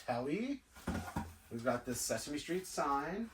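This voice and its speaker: A toy collector vlogger talks slowly to himself while sorting toys in a cluttered indoor room, in a casual, musing unboxing chat. His voice is on the high side with big pitch swings, and the distant mic catches echo and slight background noise.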